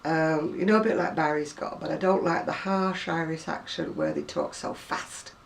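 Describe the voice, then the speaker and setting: A woman in her sixties with a softened Lancashire accent from the Oldham area, chatting in a rambling way with many asides and reading out words one by one. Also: deep voice, very animated, moderate pace. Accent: Lancashire, Oldham area, softened by years near Manchester. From Lancashire, England. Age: 60s. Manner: rambling and conversational, with asides and self-corrections. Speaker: home video blogger. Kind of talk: chatty video reply, reading a word list aloud. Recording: voice a little distant from the mic.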